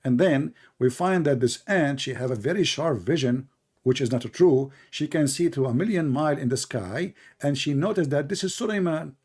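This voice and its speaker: Brief: male debate host, sarcastic and combative, higher voice. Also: normal speed, darkish tone, slightly rough. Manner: sarcastic, combative, non-native English. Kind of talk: mocking religious debate.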